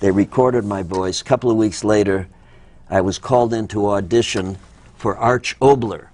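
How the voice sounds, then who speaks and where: An older man tells stories from his radio days with animation, jumping into voices as he recalls scenes. His speech rises and falls freely, at a medium pitch. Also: normal speed. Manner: animated, acts out voices in anecdotes. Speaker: former child radio actor, guest. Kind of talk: interview storytelling.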